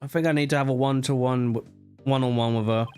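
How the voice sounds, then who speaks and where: Man reading as an earnest young defense lawyer, plain, even delivery. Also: mid-range voice, fast talker, faint music behind, voice pushed down, close to an everyday voice. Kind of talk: reading game dialogue aloud.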